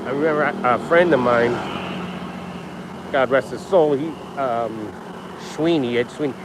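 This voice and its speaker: A man's voice: mid-range voice, unhurried. A man rambling casually on a livestream from a beach, chatty and jokey, leaning on "you know what I mean". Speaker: livestream vlogger. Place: outdoors on a beach with birds and traffic. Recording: outdoor background noise.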